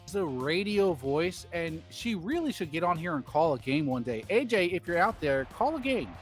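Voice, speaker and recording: A man's voice: on the high side, very animated, normal speed, soft background music. A man doing rambling, jokey play-by-play commentary on a baseball video game stream.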